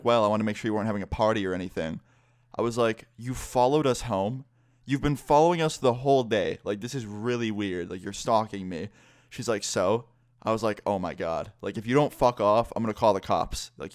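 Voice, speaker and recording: A man's voice: on the low side, clean tone, no echo, studio quality. A young man casually telling a personal story, exasperated and swearing often.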